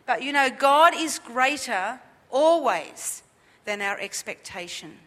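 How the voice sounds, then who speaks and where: A woman preacher delivers a sermon in a clear, bright voice that sits a little high. She drives her points home by repeating them and asking the congregation questions. Her voice trails off into the long reverb of a church hall. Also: animated, slow. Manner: emphatic and repetitive, with rhetorical questions. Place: church service.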